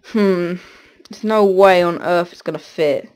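A man's voice: high-pitched, unhurried. Man muttering over a game on headset. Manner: mutters to himself, swears often, bursts of excitement. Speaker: gaming channel host. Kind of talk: casual gameplay commentary.

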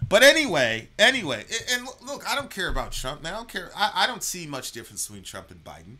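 A man's voice: high-pitched, huge pitch swings, fast, pushed and bright, faint music behind. A man co-hosting a podcast, ranting casually and animatedly, swearing and tripping over repeated words. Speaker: co-host of a reaction podcast. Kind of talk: casual political rant.

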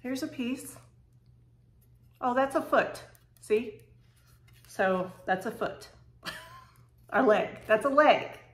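A woman chatting casually to camera as she unboxes home decor, excitable and gushing, with quick bursts of surprise. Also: a little high. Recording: echoey room with faint noise.

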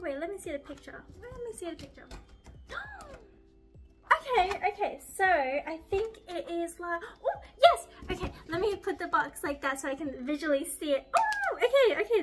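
A young woman vlogging in a chatty, excitable, gushing way as she assembles a baking project. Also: sits high. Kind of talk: casual baking vlog.

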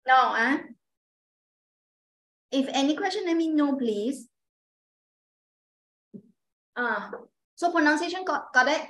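Slow, bright-voiced woman teaching Chinese pronunciation. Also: high-pitched, expressive, reverberant, rough recording. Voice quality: non-native English, simple phrasing. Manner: patient, repeats sounds slowly for students. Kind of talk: online pronunciation lesson.

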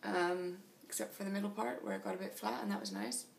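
A woman's voice: mid-range voice, expressive, quick pace, gravelly, recorded from a distance, a little hiss or hum. A tired woman chatting casually in a video diary about her cycling trip, laughing often, in a small motel room. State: tired after a long flight. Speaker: long-distance cyclist vlogging.

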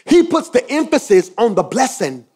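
A male pastor preaching a sermon, swinging from quiet asides to shouted emphasis and repeating phrases for effect. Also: extremely high pitch, wildly swooping pitch, moderate pace.

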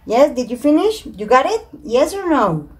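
A woman's voice: high voice, very animated, moderate pace, breathy edge. A woman teaching an online English grammar class in a Spanish accent, her first language being Spanish, reading example sentences aloud and switching into Spanish to explain. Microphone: computer mic in a video call.

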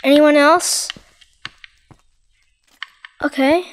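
A woman giving excitable, dramatic commentary over her Minecraft gameplay, exclaiming and repeating herself. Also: high-pitched, very slow. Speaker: gaming channel host.

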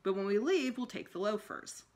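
A woman's voice: mid-range voice, lively intonation, moderate pace, a little mellow, close to an everyday voice. A woman voicing a fussy mother who frets over small things yet stays firm, in a storybook reading.

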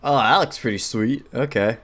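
A man's voice: medium pitch, moderate pace, fairly bright tone. A man giving casual let's-play commentary while gaming, laughing often, swearing and reacting with surprise. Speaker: gamer playing a video game.

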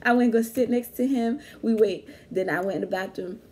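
A young woman telling a story in casual chat, animated and slangy, laughing often. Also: on the high side, fairly quick. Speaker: vlog host.

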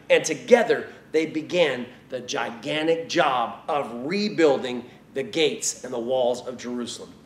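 Upbeat children's pastor, a man with a slightly high voice, telling kids a Bible story in an echoey room. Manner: upbeat, addresses children directly. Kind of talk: kids' Bible lesson and prayer.

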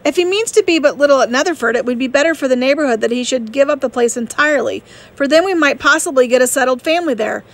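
Sharp-witted young lady, brisk, pointed, high voice, audiobook reading, woman reader. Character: witty young woman, lively and sharp-tongued.

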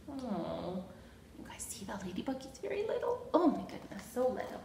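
A woman's voice: on the high side, wildly swooping pitch, moderate pace, gravelly, dark tone. A woman librarian reading a picture book aloud at a children's storytime, sing-song and gasping with cheerful encouragement. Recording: roomy echo.

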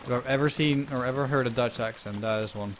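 A man hosting a gaming video, excitable and swearing often while playing. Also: medium pitch, fast talker, a little hiss or hum. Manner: excitable, swearing, laughs a lot. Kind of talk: gameplay commentary.

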